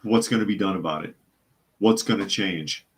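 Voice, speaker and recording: A man's voice: sits low, moderate pace, breathy edge. A man hosting a live news podcast, reading out reports and chat comments and answering them with sardonic remarks. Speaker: podcast host.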